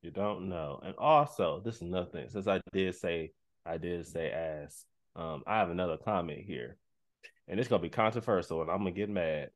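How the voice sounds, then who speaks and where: Animated man in casual podcast chat. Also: normal speed. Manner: animated, acts out quotes in a high voice.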